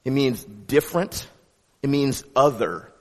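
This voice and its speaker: A man giving a sermon as pastor, with a conversational, animated delivery and frequent restarts. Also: mid-range voice, a little slow, big-room sound.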